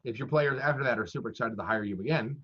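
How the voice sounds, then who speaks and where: A professional dungeon master offers casual, chatty advice in conversation, often poking fun at himself. He talks rapid-fire in a husky, medium-pitched voice, and the lo-fi recording sounds dull.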